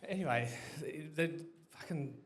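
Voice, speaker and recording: A man's voice: a little high, unhurried. A man telling a rambling, sweary comic story to a live audience, saying "anyway" over and over and laughing as he goes. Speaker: guest telling a story on stage. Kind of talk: crowd-facing comic yarn.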